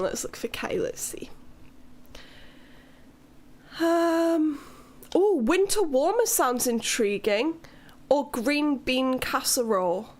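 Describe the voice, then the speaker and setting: High-voiced Welsh woman streamer, unhurried. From Wales. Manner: playful, teasing, swears freely. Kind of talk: casual live-stream chat with viewers.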